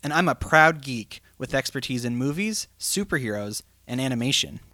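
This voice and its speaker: A man co-hosting a podcast in casual chat, telling stories in an excitable, animated way. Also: mid-range voice, no echo, clean studio sound. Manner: excitable storyteller, quick to get animated. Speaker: podcast co-host.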